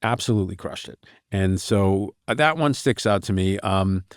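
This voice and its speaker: A middle-aged man, talking as a writer guest in a relaxed, wry interview, laughing often as he tells stories. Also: sits low, normal speed, clean tone, dry recording, studio quality. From Boston. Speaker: novelist and screenwriter guest.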